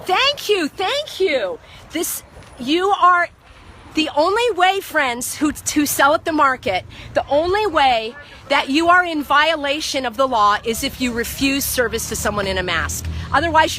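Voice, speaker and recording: A woman's voice: high voice, lively intonation, moderate pace, pushed and bright. A woman filming with a handheld phone at an outdoor market, lecturing people insistently and preachily about the law. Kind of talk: impassioned street lecturing.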